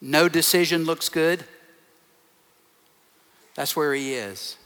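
A man's voice: on the high side, slow, fairly bright tone. A man, a pastor, preaching a sermon to his congregation in an emphatic way, piling up short repeated phrases. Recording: long reverb of a large hall.

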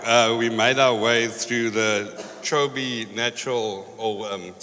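A man with a bright, forceful voice tells a story to a church congregation, animated and often laughing as he goes. His voice rings out with a long hall reverb behind it. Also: medium pitch, slow. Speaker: church member reporting on a mission trip.

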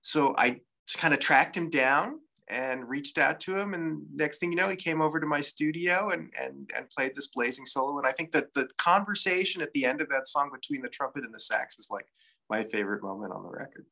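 Bright-voiced man, relaxed storyteller. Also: fairly high pitch, a little fast, creaky. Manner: relaxed, reflective storytelling with frequent fillers. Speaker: saxophonist guest. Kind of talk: casual interview chat.

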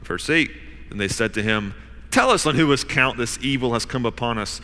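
A man preaching a sermon who acts out the voices of the people in his story, swinging between loud urging and hushed, low asides. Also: moderate pace. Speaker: pastor. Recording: long hall reverb.

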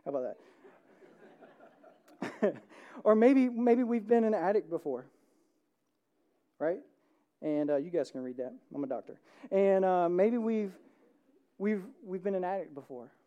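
Mellow-voiced pastor preaching casually. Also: mid-range voice, animated, measured pace, long pauses, lo-fi sound. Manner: informal, keeps asking "right?". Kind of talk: conversational sermon. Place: church service.

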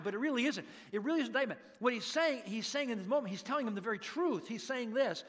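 A middle-aged male pastor preaching a sermon, dramatically acting out pleading voices and hushed prayers. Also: very high voice, animated, fast, few pauses.

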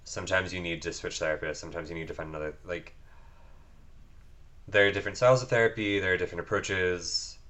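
A man's voice: sits low, fairly even intonation, quick pace, a bit bright. A man talking earnestly in a casual podcast chat, with many fillers and restarts. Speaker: podcast guest.

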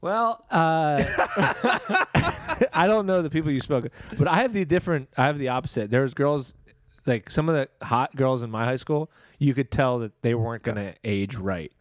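A man's voice: medium pitch, lively intonation, normal speed, no room sound. Young man joking in a dry room. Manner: crude, joking, hesitant restarts. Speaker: podcast co-host. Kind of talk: casual chat.

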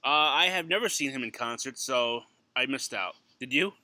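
A man's voice: mid-range voice, normal speed, bright, forceful tone, no room sound. A man co-hosting a casual podcast chat, joking and chatty, laughing as he talks. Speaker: podcast co-host.

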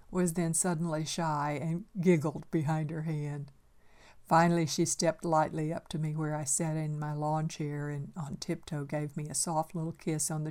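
An older woman gently reading her own memoir aloud in a reflective storytelling manner. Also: deep voice.

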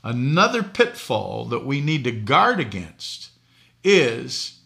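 A man's voice: mid-range voice, sing-song, slow pace, vocal fry, sharp tone. An older man from Boston, a preacher hosting a talk show, telling folksy stories and laughing at his own jokes. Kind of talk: preaching talk show answering viewer questions.

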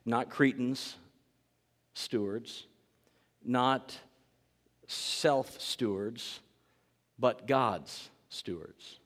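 A man's voice: medium pitch, extremely slow, pauses often, a bit bright. Emphatic male preacher in a reverberant hall. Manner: earnest, emphatic, repeats key phrases. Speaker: pastor. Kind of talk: sermon.

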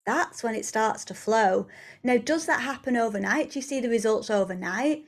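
A woman hosting a motivational podcast for women, coaching in a lively monologue, acting out quoted voices and swearing freely. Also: fairly high pitch, moderate pace.

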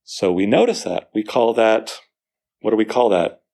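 A man teaching a poetry class, enthusiastic, asking students questions and reading verse aloud slowly. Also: fairly low pitch, big pitch swings, creaky, mellow. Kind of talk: classroom lecture.

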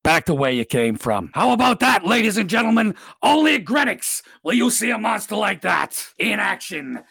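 A man's voice: high-pitched, sing-song, moderate pace, vocal fry, slightly rough, no room sound, studio quality, pitched above the performer's own voice, heavily acted. A man voicing a brash male orc who runs a fight ring, barking to the crowd like a showman and dropping crude, profane asides. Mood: hyping the crowd. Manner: loud barker hyping the crowd.

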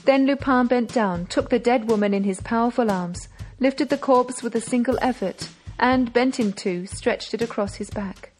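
A woman's voice: a little high, moderate pace, darkish tone, soft background music. Woman narrating an audiobook.

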